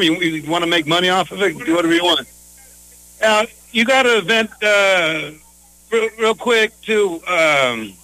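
A man's voice: fairly high pitch, sharp tone, poor audio. A man hosting a casual interview, loose and chatty with lots of fillers. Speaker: interviewer, host.

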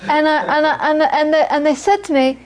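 Brief: woman, Buddhist teacher with a high voice, animated storyteller who turns gentle and earnest in teaching. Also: brisk. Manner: lively storytelling, acts out the people she quotes. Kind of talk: dharma talk to a small audience.

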